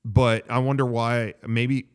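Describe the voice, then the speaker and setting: A man co-hosting a casual movie discussion, hesitant and full of fillers and quick agreements. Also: mid-range voice, little pitch movement, clean tone. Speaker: podcast co-host.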